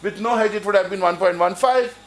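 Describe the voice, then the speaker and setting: A man with an Indian English accent lectures to a room, his voice pitched fairly high. He rambles through examples with many restarts and fillers. He slips into storytelling with dry jokes. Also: fairly quick. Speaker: finance professor. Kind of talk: university lecture with anecdotes. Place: lecture hall.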